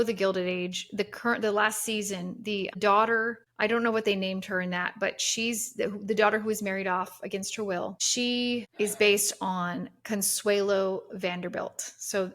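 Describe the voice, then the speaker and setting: A woman's voice: medium pitch, fairly bright tone. Chatty woman podcast host telling history. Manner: chatty storytelling with many fillers and restarts. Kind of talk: casual chat.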